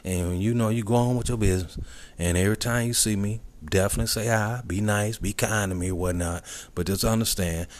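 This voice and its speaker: A man's voice: lowish voice, steady tone, brisk. A man giving a confident, boastful motivational monologue, repeating emphatic declarations.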